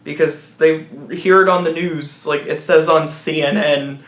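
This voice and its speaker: A man whose voice sits on the high side mocks a film in a rambling, sarcastic review, slipping into silly voices for the characters. His delivery is a little slow with fairly even intonation and a fairly bright tone, and the recording has a roomy echo.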